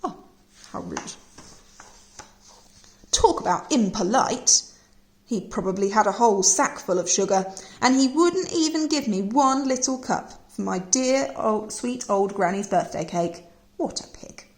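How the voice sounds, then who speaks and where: A woman's voice: medium pitch, animated, unhurried. A woman reading a storybook aloud, voicing a sly, self-pitying male wolf who tells his own side in a chatty, aggrieved way. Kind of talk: read-aloud storybook narration.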